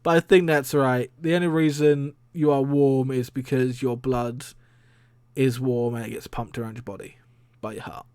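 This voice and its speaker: A man's voice: medium pitch, steady tone, moderate pace, darkish tone, clean tone, no room sound. A man hosting a casual solo stream, rambling and chatty, laughing often and swearing casually. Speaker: streamer and podcast host.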